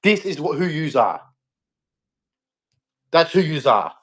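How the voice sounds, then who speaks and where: A man's voice: a little high, very animated, slow, husky. An angry young Australian man in a heated, repetitive rant aimed at a politician. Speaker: vlogger.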